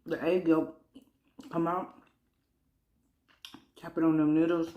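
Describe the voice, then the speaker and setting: A woman, chatting playfully and excitably as she hosts her eating show. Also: low voice, slow, roomy sound, phone-quality sound. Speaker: mukbang vlogger. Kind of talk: casual eating-show chat.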